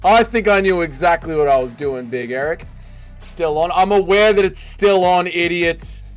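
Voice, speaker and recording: Australian male streamer, high voice, chatty and blunt with his viewers. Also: moderate pace, soft background music. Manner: greets chat by name, banters, mild swearing. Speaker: livestream host. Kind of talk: casual livestream chat.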